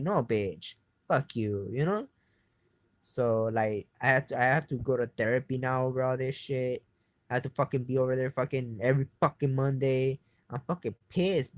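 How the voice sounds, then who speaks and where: A man's voice: mid-range voice, no room sound. Agitated man in a profane rant. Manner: agitated, swears constantly, voice climbs when heated. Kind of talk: profane rambling rant to camera.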